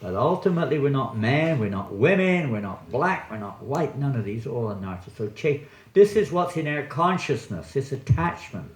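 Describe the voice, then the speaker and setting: A male swami teaches a scripture class in a temple hall, chatty and quick to joke. His mid-pitched voice rises and falls a lot as he quizzes his listeners. The hall gives it a roomy echo. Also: very animated. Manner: chatty, joking, quizzes the audience. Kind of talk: sermon with audience questions. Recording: echoey hall.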